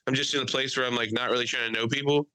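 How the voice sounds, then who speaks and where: A young male podcast host with a bright, forceful voice, recorded dry and close. He tells animated, swear-heavy stories in casual chat and laughs often. His pitch sits in a middle range for a man. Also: rapid-fire, clear, resonant tone, dry recording, rough recording. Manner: animated, profane storytelling, frequent laughter.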